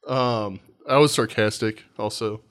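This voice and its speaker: A man's voice: mid-range voice, fairly even intonation, a little slow. A man hosting a casual podcast chat, rambling and self-deprecating and often losing his train of thought. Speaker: podcast host.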